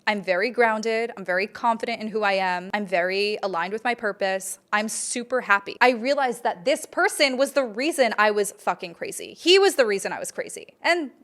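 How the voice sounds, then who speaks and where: A woman's voice: medium pitch, normal speed, hardly any pauses, fairly bright tone. Young woman host, candid solo monologue, blunt and emphatic, curses freely. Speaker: podcast host.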